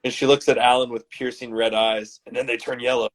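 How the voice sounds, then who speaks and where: A man from Canada, hosting and reading his comedy scripts aloud in a dramatic, animated way. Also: medium pitch, fairly quick. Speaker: host and scriptwriter.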